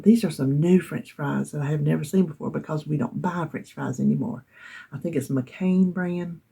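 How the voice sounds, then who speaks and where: A woman's voice: deep voice, gravelly, warm tone, breathy edge. A middle-aged woman with a Southern US accent, chatting casually to her viewers, laughing often and dropping to a whisper now and then. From North Carolina. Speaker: vlogger. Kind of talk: casual chat to camera.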